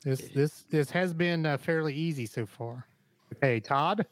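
A man's voice: a little high, a little slow, a little hiss or hum. A man hosting a quiz on a podcast, easygoing and stop-start. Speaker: quiz host. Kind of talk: casual chat.

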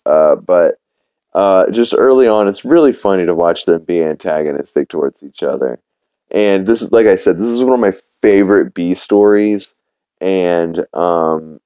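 A man with a low voice talks through an episode recap in loose, rambling fashion. His tone is mellow and relaxed, full of "uh" and "like" and the odd curse. The sound is dry and close. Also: dry recording. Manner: rambling, with many fillers and restarts; swears casually. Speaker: podcast host.

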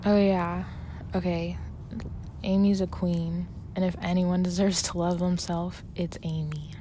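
A woman chats casually with a friend, hesitant and easygoing. She speaks slowly in a mid-range voice. Faint background noise sits under her. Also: lowish voice, flat delivery, mellow. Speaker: friend doing celebrity impressions. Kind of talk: casual chat.

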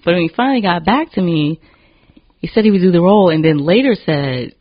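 Husky lady host, lower voice, swoops up and down a lot, kinda dull lo-fi sound. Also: brisk. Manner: animated storytelling, acts out quotes, laughs often. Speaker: podcast host. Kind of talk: casual chat.

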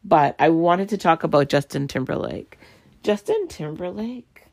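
Woman podcast host with a low voice and a heated, profane ranting manner. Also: animated, a little slow, vocal fry, darkish tone. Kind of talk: solo podcast rant.

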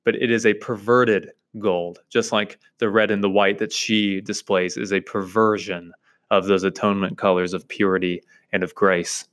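A man's voice: lowish voice, level tone, normal speed, a bit bright. A man hosting a literature podcast, emphatically lecturing on a novel chapter in repeated lists. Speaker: podcast host teaching literature. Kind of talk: reading and analysing a novel chapter.

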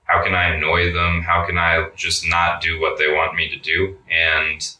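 Recorded far from the mic in a roomy space, a young man being interviewed as a guest tells a story casually, cursing often and overusing "like." His low voice is sharp, with a completely flat delivery at normal speed.

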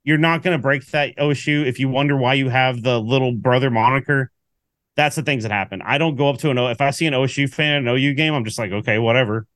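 A man co-hosting a casual sports podcast, telling a story with lively acted-out quotes. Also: medium pitch, quick pace, no echo, clean studio sound. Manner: animated storyteller, acts out quotes. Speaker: podcast co-host.

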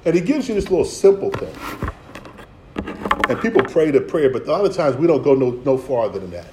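A middle-aged man preaching with animated, conversational energy, his voice sitting a little high. The sound bounces around an echoey room. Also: fairly quick, background noise. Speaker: pastor. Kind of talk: sermon.

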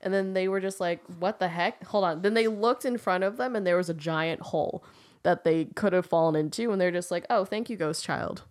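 A woman's voice: on the low side, fairly quick. A young woman casually retelling a fairy tale to a friend, rambling with many fillers and often laughing. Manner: giggly, rambling with frequent likes and ums. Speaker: storyteller.

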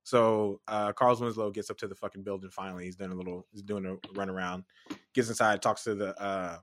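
A man's voice: on the low side, fairly even intonation, brisk, no echo, clean studio sound. A man co-hosting a podcast, talking about a favorite movie in an enthusiastic, profane way. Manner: enthusiastic, profane, laughs a lot. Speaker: podcast co-host. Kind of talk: casual chat about a movie.

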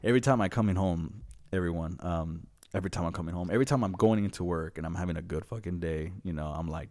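A man's voice: low voice, fast, few pauses, a little mellow. A young man co-hosting a podcast in casual, profane banter, laughing often. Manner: laughing, joking, swearing often. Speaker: podcast co-host.

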